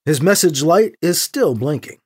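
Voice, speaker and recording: An audiobook narrator reading a story in an expressive, dry storytelling manner. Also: mid-range voice, normal speed, breathy edge. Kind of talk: scripted narration.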